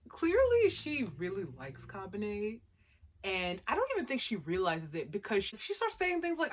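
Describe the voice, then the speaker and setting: Woman vlogging an anime recap, lively and chatty, bright voice. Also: high-pitched, measured pace. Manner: chatty and animated, lots of "like", laughs at the plot. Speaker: anime reviewer. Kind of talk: casual episode recap.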